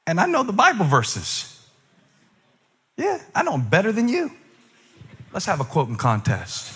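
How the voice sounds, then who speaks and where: Man, pastor, sermon, high voice, sharp bright tone, conversational with humorous asides. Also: measured pace, long pauses, husky, in a large hall. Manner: animated preaching that swings between loud emphatic peaks and quiet musing asides.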